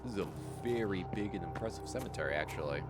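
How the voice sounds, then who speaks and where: A man's voice: deep voice, animated, fast, loud music behind the voice. A man casually commenting on a mystery game during a live stream, chatty and wry, swearing and joking with the chat.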